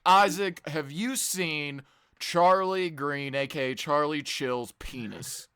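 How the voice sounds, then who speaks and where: A man co-hosting a casual call-in chat, bantering in a crude, excitable way. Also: fairly high pitch, slow, smooth, no echo, studio quality.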